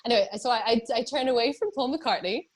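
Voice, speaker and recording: A woman's voice: on the high side, fast talker. A young British woman from England, a musician chatting casually in an interview, rambling with many fillers and laughs. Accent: British English. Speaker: musician guest.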